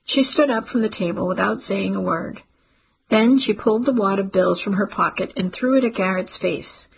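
A woman narrating a literary story in a steady audiobook reading. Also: medium pitch, normal speed, creaky, husky, poor audio.

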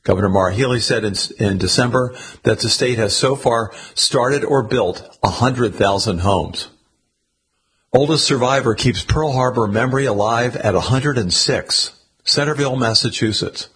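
A man reading newspaper articles aloud for a radio reading service, steady with occasional slips and restarts. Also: medium pitch, breathy edge.

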